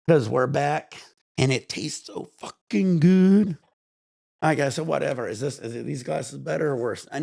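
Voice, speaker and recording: Here the man, a vlog host, sounds a little mellow as he meanders through laid-back chatter, high and swearing freely. His tone carries a rough, creaky edge. It's captured close and dry, free of room sound.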